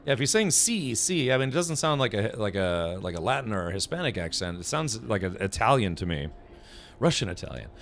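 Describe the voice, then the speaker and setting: A man's voice: on the low side, very animated, fast, vocal fry, a bit bright, slight background noise. A young man streaming a video game, chatting casually, reacting to the game and reading chat aloud. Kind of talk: casual let's play commentary.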